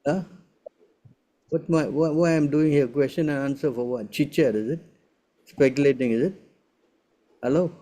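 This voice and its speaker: A man's voice: a little high, normal speed, long pauses, warm tone. A man acting as spiritual teacher in a Q&A session, speaking emphatically and keeping checking his listeners follow with short tag questions.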